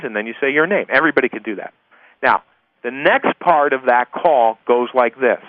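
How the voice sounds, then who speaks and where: A male sales coach gives a conversational recorded course lesson, chatty and repetitive, hammering key points and checking in with "okay?". His medium-pitched, animated voice moves at a moderate pace, with a dry, thin phone-line sound and no room sound.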